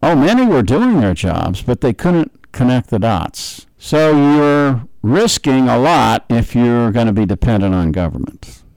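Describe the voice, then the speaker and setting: A man's voice: medium pitch, very animated, measured pace, hardly any pauses, darkish tone, no echo, low-quality recording. Man, middle-aged, political speaker from the US; emphatic, dry close sound. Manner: emphatic, repeats words for stress. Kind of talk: political talk.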